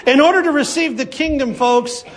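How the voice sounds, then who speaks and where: A man preaching a sermon at a church service, lively and acting out the voices of his congregation. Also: very high-pitched, moderate pace. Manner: animated, acts out congregation voices. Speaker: pastor.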